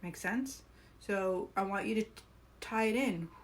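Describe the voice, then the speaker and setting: A woman's voice: medium pitch, a little slow. A woman hosting a live coaching stream, talking earnestly and encouragingly, asking her viewers questions.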